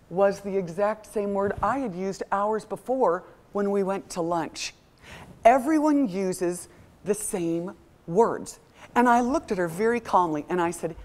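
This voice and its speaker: A middle-aged woman giving a motivational talk to a live audience, telling stories with lively acted-out voices. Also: medium pitch. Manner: animated storytelling, acts out quoted voices. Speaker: motivational speaker.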